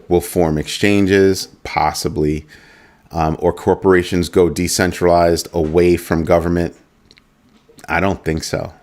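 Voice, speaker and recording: A man's voice: deep voice, darkish tone. A man hosting a casual livestream, musing aloud with rhetorical questions and reading out viewer chat. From United States. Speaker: livestream host.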